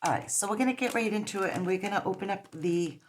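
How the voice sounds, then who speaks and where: A woman's voice: mid-range voice, fast, a little hiss or hum. A woman chatting casually through a nail strip tutorial, rambling with lots of fillers. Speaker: nail polish vlogger.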